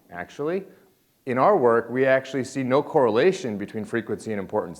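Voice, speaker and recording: A man giving a lively conference talk, joking and calling on the audience. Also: medium pitch. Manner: energetic, jokey, interacts with crowd. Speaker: conference speaker.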